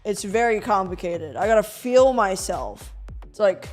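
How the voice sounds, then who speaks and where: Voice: medium pitch, very animated, unhurried, faint music behind, a faint crowd. A streamer chatting casually and swearing freely, musing aloud over a watch party at home.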